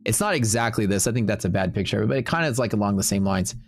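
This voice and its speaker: A man's voice: on the low side, animated, quick pace, faint music behind. A man hosting a livestream, telling a long story in a casual, rambling way, full of fillers and quoted back-and-forth. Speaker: livestream host.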